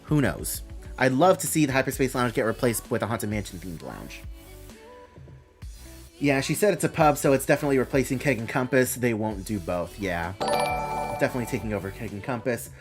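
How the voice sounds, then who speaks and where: A man's voice: medium pitch, lively intonation, a little fast, soft background music. A man hosting a live stream, reading out announcements and thinking aloud with a rambling, casual manner.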